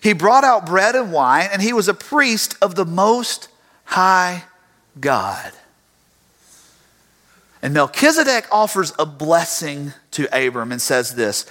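A man's voice: high-pitched, slow. A man preaching a sermon, telling stories and acting out their voices. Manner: animated storytelling, acts out voices. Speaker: pastor. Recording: reverberant hall.

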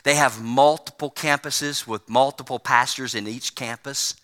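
A man preaching a sermon to his congregation, with a folksy preacherly manner, swinging between emphatic peaks and low, quiet stretches. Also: fairly even intonation, measured pace, long reverb tail. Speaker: pastor.

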